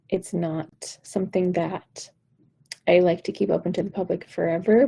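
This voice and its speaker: A woman's voice: medium pitch, gravelly, breathy edge, rough recording. A woman vocal coach giving an encouraging, direct pep talk on a live stream. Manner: encouraging, warm-hearted, direct.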